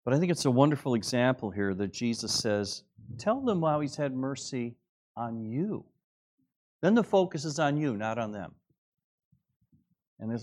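A middle-aged male pastor delivers a sermon in an earnest, conversational way. His voice sits at an ordinary middle pitch. He drops into quiet asides, then builds to loud, emphatic exclamations. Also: lively intonation, normal speed, long pauses. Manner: earnest preaching, dramatic swings between soft asides and raised exclamations.

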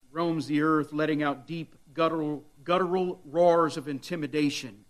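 A man's voice: on the high side, fairly even intonation, moderate pace. A man preaching a sermon with dramatic delivery, at times voicing the devil's taunts. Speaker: pastor.

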